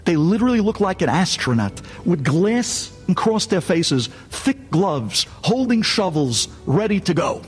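A man, a rabbi, giving a sermon in an animated, dramatic storytelling way. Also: sits high, a little slow, few pauses, husky, faint music behind.

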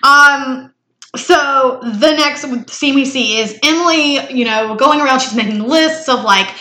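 A woman co-hosts a casual recap podcast, acting out scenes with laughter. Her voice sits high and sounds bright and sharp. The room around her is echoey. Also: measured pace. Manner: animated, acts out quotes with laughs. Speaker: podcast co-host.

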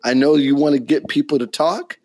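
A man speaking as a guest career expert in a casual panel discussion, halting with restarts and easy laughs. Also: a little high, a little mellow.

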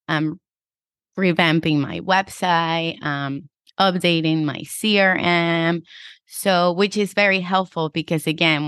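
Chatty woman with a low, dry voice. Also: a bit bright, clean tone, no room sound. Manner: chatty, lots of "like" and "you know". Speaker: podcast host, real estate agent. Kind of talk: casual advice chat.

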